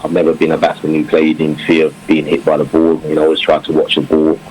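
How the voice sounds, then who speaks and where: A former English cricketer chatting in an interview, reflective, with many fillers and restarts. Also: male voice, a bass voice, completely flat delivery, fast, a little mellow, poor audio. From England. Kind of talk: casual interview talk. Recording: faint background noise.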